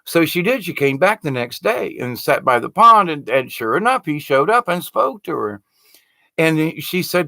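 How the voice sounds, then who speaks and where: A man's voice: on the high side, big pitch swings, normal speed, gravelly, pushed and bright, dry recording. A man telling a spiritual story in a loose, conversational way, often restarting his sentences. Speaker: spiritual teacher. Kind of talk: spoken storytelling talk.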